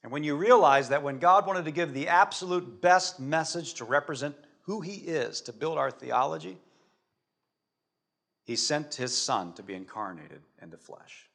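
A man preaching with a voice pitched a little high for a man. He tells the stories with animation, rising to loud passages and then dropping almost to a murmur. He sounds like a pastor delivering a sermon to his congregation. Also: normal speed, creaky. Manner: animated storytelling, swinging from loud to hushed.

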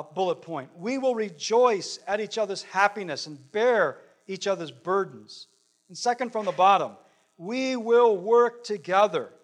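Earnest, slightly high-voiced male pastor. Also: fairly bright tone. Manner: earnest, conversational preaching with slow, drawn-out emphasis. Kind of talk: sermon. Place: church sanctuary.

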